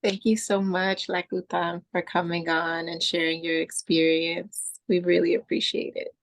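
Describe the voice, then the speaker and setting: A woman hosting an online workshop, thanking a guest and introducing the next speaker in a measured way with frequent pauses. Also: fairly low pitch, flat delivery. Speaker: workshop host. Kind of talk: introducing speakers on a video call.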